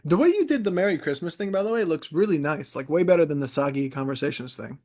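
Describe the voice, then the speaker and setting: A man in his twenties from New York, telling stories in casual podcast chat, animated and rambling, with many fillers and restarts. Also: fairly high pitch, quick pace. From New York, USA. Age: 20s. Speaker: podcast co-host.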